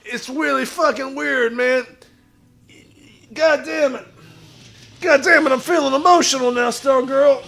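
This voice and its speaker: A man playing a crude, boastful washed-up pro wrestler who talks about himself in the third person and shouts his lines. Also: extremely high pitch, fairly even intonation, takes it slowly, long pauses, full character voice. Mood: swaggering bravado. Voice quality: gravelly, shouty bravado. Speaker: streamer in character. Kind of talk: improvised comedy stream.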